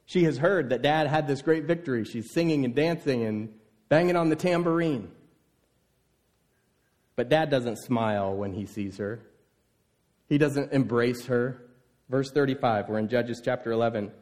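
A man preaching a sermon, telling a scripture story with lively, voiced exclamations. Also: medium pitch, moderate pace, long pauses.

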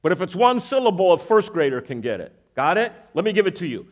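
A man's voice: high-pitched, fast talker, few pauses. A man preaching a sermon, using a magic trick as an object lesson and often checking in with the audience. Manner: animated, questioning the audience, repeating verses for emphasis.

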